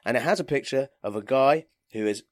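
A man's voice: mid-range voice, brisk, no echo. A man hosting a casual comedy chat, sweary and sardonic, still unwell and sweaty in a small booth. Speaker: podcast host.

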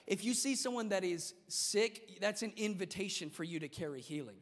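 A male pastor preaching a sermon in an energetic, humorous, conversational way. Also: high voice, moderate pace. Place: church sanctuary. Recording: reverberant church hall.

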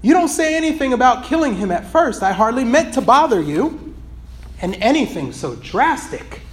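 A man's voice: very high voice, very animated, moderate pace, voice pushed up. A man reading aloud and voicing an evasive, embarrassed male ghost who pleads and makes polite excuses. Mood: pleading.

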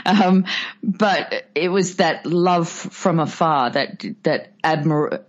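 Lowish-voiced woman chatting about films. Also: takes it slowly. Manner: chatty and enthusiastic, breaks into funny impressions. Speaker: podcast guest. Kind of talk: casual film discussion. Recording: dull lo-fi recording.

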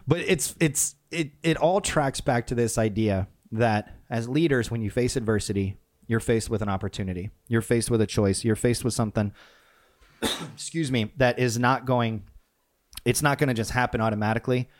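A man's voice: medium pitch, moderate pace. A man casually telling a personal story about leadership, with frequent restarts and acted-out quotes. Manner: conversational, animated retelling with many restarts.

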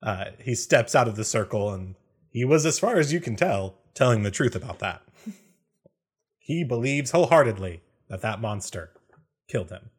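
A man's voice: mid-range voice, expressive, normal speed, husky. A man narrating a tabletop game as game master, hesitant, with frequent fillers.

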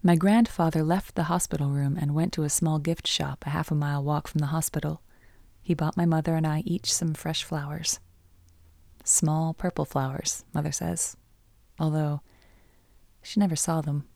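A woman narrates a scripted story in a low, mellow voice. She speaks in a slow, solemn manner. The sound is dry and close to the mic. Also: steady tone, creaky, dry recording.

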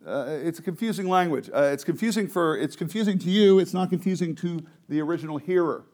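A man's voice: a little high, quick pace, darkish tone. A man teaching a Bible study to a group, explaining the text and asking the group questions.

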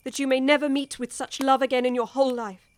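A woman's voice: sits high, level tone, quick pace, lightly acted. An actress with an English accent playing a worldly older woman who urgently pleads with a young wife, in a radio drama. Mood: impassioned.

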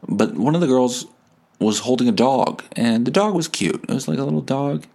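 A man's voice: mid-range voice, fairly quick, creaky, mellow. A man in his thirties hosting a podcast, telling a rambling, self-deprecating comic story with some swearing. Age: 30s. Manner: rambling, digressive, profane storytelling. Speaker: podcast host. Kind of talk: comedic podcast monologue.

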